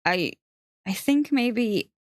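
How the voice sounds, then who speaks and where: A woman's voice: a little high, animated, drawn-out words, dry recording, clean studio sound, pitched above the performer's own voice. A woman voicing a nervous seventeen-year-old boy who stammers and halts, unsure of himself, in an audiobook reading. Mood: flustered.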